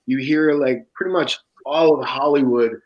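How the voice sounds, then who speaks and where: A man's voice: mid-range voice, normal speed, dull audio. Profane man telling a wild story. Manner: profane, laughing, acts out quoted voices. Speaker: guest author. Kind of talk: casual storytelling.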